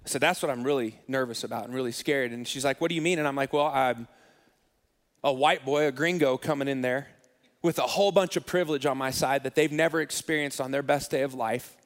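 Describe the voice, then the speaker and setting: A man's voice: medium pitch, a little fast, long reverb tail. A man preaching a sermon as pastor, telling a story in a conversational, self-deprecating, humorous way.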